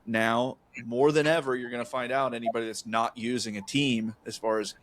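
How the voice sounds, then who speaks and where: A man's voice: mid-range voice, fairly even intonation, fairly quick. A man co-hosting a casual podcast chat, talking in a rambling, folksy way with lots of fillers and restarts. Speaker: co-host, real estate agent.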